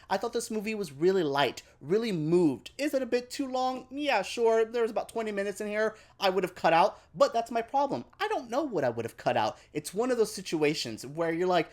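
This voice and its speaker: A man giving a casual film review to camera, chatty and animated, with quick asides and playful exaggeration. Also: sits high.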